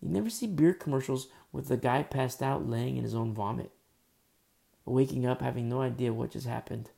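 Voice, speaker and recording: A man giving a conversational sermon as a preacher, informal and full of fillers, often dropping to a soft murmur. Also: mid-range voice, normal speed, gravelly.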